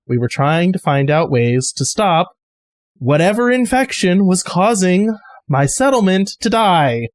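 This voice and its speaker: A man's voice: high-pitched, very animated, measured pace. A man doing a weary wounded scientist. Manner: tired, sighing, matter-of-fact.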